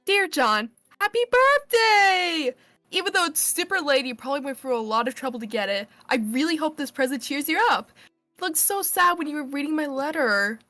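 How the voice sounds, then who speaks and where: A woman's voice: high-pitched, lively intonation, fast talker, sharp tone, dry recording, faint music behind. A woman reading a letter aloud as a cheerful, earnest girl, in her own voice.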